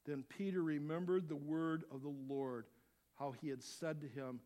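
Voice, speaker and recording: A middle-aged man preaching a sermon as a pastor, animated, dropping to quiet asides and rising to loud shouts. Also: fairly high pitch, moderate pace.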